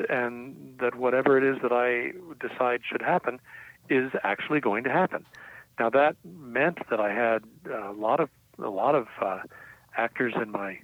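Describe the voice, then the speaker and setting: The guest is an older writer who tells reflective stories about his past, sure of himself yet prone to fillers and restarts. He has a mid-range voice and a moderate pace, heard over a tinny, dry, phone-like line with no room sound.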